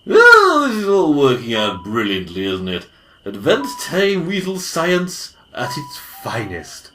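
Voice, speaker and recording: A performer voicing a dry, pedantic goose companion in a hobby audio drama, full of deadpan corrections. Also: medium pitch, takes it slowly, a little hiss or hum, exaggerated voice. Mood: sardonic. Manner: sardonic, correcting, deadpan asides.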